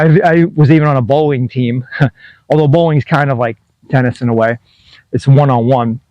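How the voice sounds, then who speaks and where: A man's voice: medium pitch, a little mellow, dry recording, lo-fi sound. A man in his fifties telling a rambling, self-deprecating story to camera, chuckling as he goes. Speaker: tennis vlogger.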